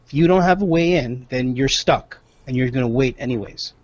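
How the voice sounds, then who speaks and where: A man's voice: mid-range voice, a little fast, muffled recording. A man playing a tabletop game, talking in an easygoing casual way. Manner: easygoing, laughs at himself.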